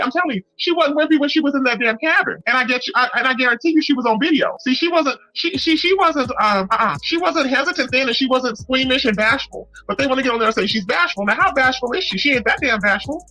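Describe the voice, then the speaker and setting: A woman's voice: fairly high pitch, bright, forceful tone, dry recording, low-quality recording. A woman hosting a live commentary stream, blunt and profane, repeating lines for emphasis. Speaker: commentary livestream host.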